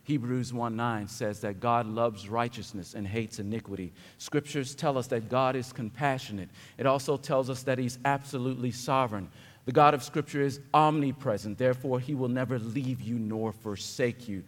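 A man preaching a sermon as pastor, dropping to quiet reflection and then building to loud, emphatic declarations. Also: mid-range voice, steady tone, normal speed. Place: church sanctuary. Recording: long hall reverb.

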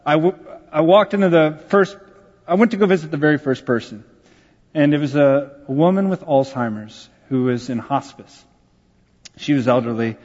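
Pastor in a reverberant hall. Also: male voice, a little high, lo-fi sound. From Texas, USA. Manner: conversational, self-deprecating, lively storytelling. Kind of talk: sermon storytelling.

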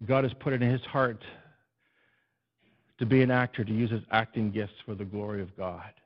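A male preacher giving an animated, storytelling sermon and addressing his congregation in a church. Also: lowish voice, moderate pace. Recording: dull, muffled recording.

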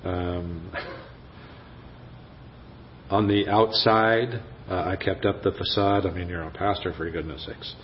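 A pastor with a Southern American accent giving a personal testimony, hesitant and reflective, with many pauses. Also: male voice, sits low, fairly even intonation, muffled recording, slight background noise.

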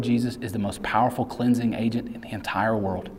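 A man preaching a sermon in a relaxed, conversational way, mixing casual asides with acted-out quotes. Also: on the low side, fairly quick, a little hiss or hum. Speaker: pastor. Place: large hall. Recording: reverberant hall sound.

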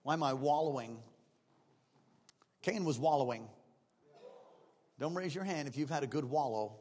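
A man preaching a sermon as pastor, swinging between loud exhortation and quiet, joking asides. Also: mid-range voice, moderate pace, long pauses, long reverb tail. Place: church.

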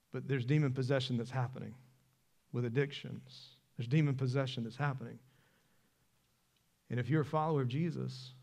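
A man, preaching a sermon in a church, animated and conversational, asking the congregation questions. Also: medium pitch. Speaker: pastor. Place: church sanctuary.

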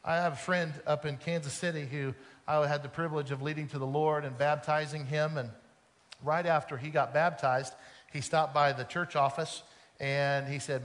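High-voiced pastor preaching in a reverberant hall. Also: male voice, steady tone, normal speed, a bit bright. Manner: conversational, storytelling, emphatic repetition. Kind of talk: sermon.

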